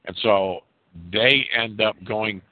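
A man's voice: on the low side, takes it slowly, no echo. Man from New York State, rambling call-in talker with restarts, phone-line sound, dry. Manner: rambling storyteller, restarts often. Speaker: caller. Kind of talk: conference call chat.

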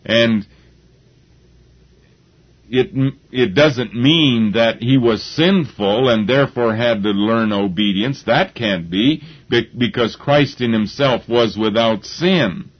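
A man preaching a sermon, slow and deliberate, with halting restarts as he gathers his thoughts. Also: mid-range voice, slightly rough. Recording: dull lo-fi recording.

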